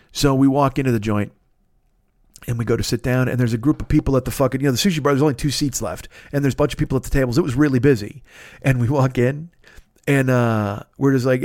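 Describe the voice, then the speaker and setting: A man hosting a podcast, telling a story in a casual, animated, profane way. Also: mid-range voice, no room sound, studio quality. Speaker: podcast host.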